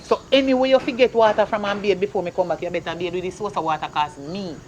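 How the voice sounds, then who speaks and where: A performer playing a stern, broke Jamaican mother who scolds her son in rapid patois. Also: mid-range voice, slight background noise, natural voice. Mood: scolding. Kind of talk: comedy skit acting.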